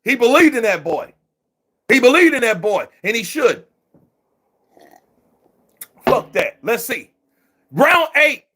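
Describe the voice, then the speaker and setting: A man giving profane, excitable live commentary while watching a boxing match, often shouting at the referee. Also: very high-pitched, slow, long pauses, slightly rough.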